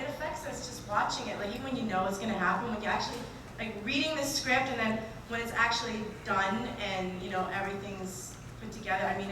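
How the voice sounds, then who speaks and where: A woman actor on a convention panel, telling stories in a lively, emotional, casual way. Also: mid-range voice. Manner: animated, emotional storytelling with laughs. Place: large convention hall. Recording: echoey noisy hall from far off.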